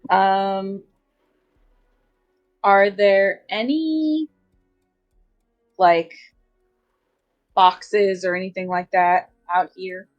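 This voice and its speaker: Slow-talking hesitant woman player. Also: mid-range voice, lo-fi sound, soft background music. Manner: hesitant, many ums and likes. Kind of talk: playing a tabletop game.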